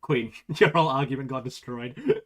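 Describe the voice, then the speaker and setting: A man's voice: mid-range voice, expressive, moderate pace. A man livestreaming in casual chat, sarcastic and laughing as he argues with his viewers.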